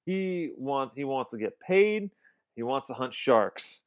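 A man's voice: mid-range voice, lively intonation, slow pace. A man co-hosting a casual film podcast, enthusiastic and rambling, restarting his sentences often. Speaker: podcast co-host.

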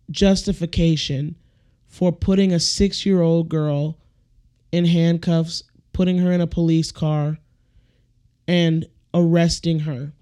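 A woman hosting a solo podcast, talking bluntly and profanely in an animated rant. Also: fairly low pitch. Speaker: podcast host. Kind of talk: casual solo podcast monologue.

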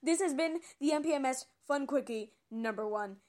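A teenage girl with a husky, deeper-than-usual voice, rambling dramatically and mocking herself in a casual vlog monologue. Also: moderate pace, a little mellow. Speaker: vlogger.

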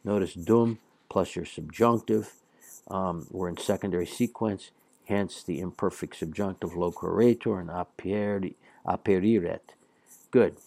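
A man's voice: low voice, creaky, dark tone, no room sound. A man teaching a Latin lesson, patiently reading and translating passages with some fillers. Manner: slow, patient explaining with fillers.

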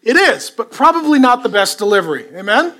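A middle-aged male pastor preaching a sermon to a congregation, swinging between loud delivery and hushed, intimate talk. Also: very high voice, very animated, a little fast. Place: church before a congregation.

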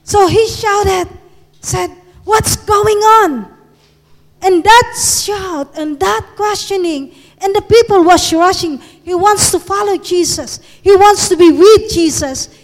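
Very high-voiced slow woman preacher. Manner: earnest, emphatic preaching that rises in force. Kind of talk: sermon. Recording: long reverb of a large hall.

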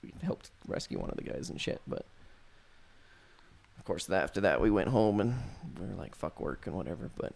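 A man's voice: low voice, animated, fairly quick, vocal fry, darkish tone, husky. Young man telling a story, swearing casually. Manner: loose, profane storytelling full of "like". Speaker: storyteller among friends. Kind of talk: casual chat.

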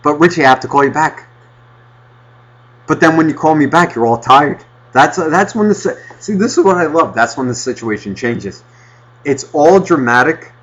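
A man's voice: a little high, moderate pace. Ranting podcast man, lo-fi sound. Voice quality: loud, animated ranting with mocking impressions. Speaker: podcast co-host. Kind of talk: casual podcast banter.

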